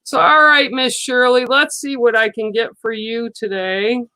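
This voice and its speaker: A woman giving a live card reading to viewers, speaking in a slow, soothing and reassuring way, often checking in with "okay?". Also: on the high side, fairly even intonation, sharp tone, dry recording, rough recording. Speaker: psychic card reader on a livestream. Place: studio.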